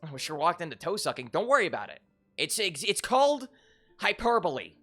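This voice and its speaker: Live streamer, casual chat, excitable, crude jokes, bright voice, faint game music behind. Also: a little fast. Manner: excitable, joking, crude, goes loud and high when riled.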